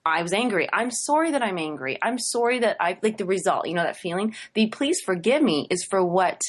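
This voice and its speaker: A woman co-hosting a talk radio show, earnest and effusive, laughing often and slowing down to recite prayer phrases. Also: medium pitch, lively intonation. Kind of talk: casual talk-radio teaching.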